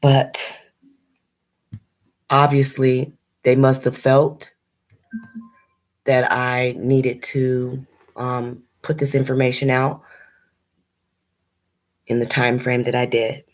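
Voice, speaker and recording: A woman speaking as a spiritual medium in a heartfelt video message, earnest and halting, holding back tears. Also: a bass voice, level tone, darkish tone. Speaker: spiritual medium addressing viewers.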